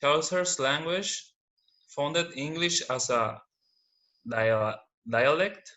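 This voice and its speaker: A male student reading aloud in class, halting and stumbling over words. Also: fairly high pitch, lively intonation, sharp tone. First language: Spanish.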